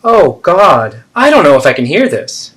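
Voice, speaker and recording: Taking the role of a wounded, evasive middle-aged mother in a therapeutic role-play, a man speaks unhurriedly with an expressive, swooping pitch. The character is defensive and self-pitying, deflecting blame and guilt-tripping.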